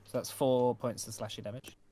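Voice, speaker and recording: Relaxed young man running a game. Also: medium pitch, fairly quick, slight background noise. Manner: relaxed, hesitant, many filler sounds. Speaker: game master. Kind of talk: running a tabletop game online.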